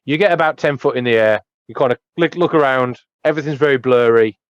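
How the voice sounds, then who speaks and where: A man's voice: fast, clean tone, dry recording. DM type, male, rambling, laughing narration, dry lo-fi mic. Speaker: dungeon master. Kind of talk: narrating a tabletop game. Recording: dull low-fi dry mic.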